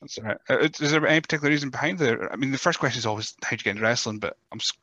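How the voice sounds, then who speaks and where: A man's voice: mid-range voice, very fast, pushed and bright, no room sound, highs cut off. A man with a northern Scottish accent hosting a podcast, chatty and self-deprecating. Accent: Scottish, northern Scotland. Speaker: podcast host. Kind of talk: casual interview chat.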